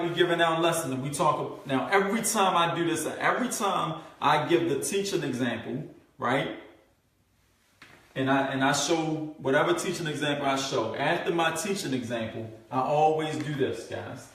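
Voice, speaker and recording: A man with a voice on the high side coaches a live group on network marketing, animated and repetitive. He keeps checking in with "right?" and voices his prospects' thoughts. The recording has heavy room echo, with the microphone placed far off.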